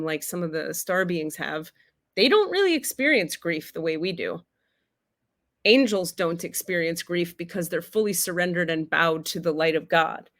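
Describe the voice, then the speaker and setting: A woman hosting a live-streamed spiritual teaching with comedy, animated and swearing casually, with big emphatic swings in pitch and loudness as she answers questions.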